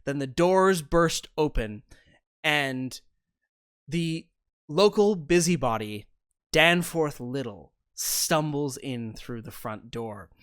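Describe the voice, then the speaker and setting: A man narrating as game master of a tabletop role-playing game, describing the scene in a measured storytelling way. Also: on the high side, fairly bright tone, clean tone, no room sound, studio quality.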